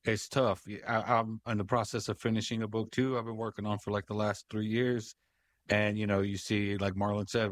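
Low-voiced man, relaxed radio guest. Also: no echo. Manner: relaxed, with hesitations and fillers. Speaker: guest, freelance writer. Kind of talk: radio talk show discussion.

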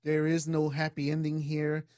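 Higher-voiced male radio host. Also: moderate pace, no room sound, clean studio sound. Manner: steady, wraps up segments and thanks guests. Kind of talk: hosting a radio talk show.

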